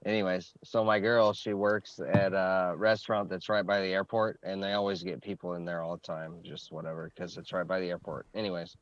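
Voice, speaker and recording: Low laid-back man, lo-fi mic. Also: little pitch movement, normal speed, dry recording. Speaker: podcast co-host. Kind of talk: casual storytelling. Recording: dull, dry lo-fi mic.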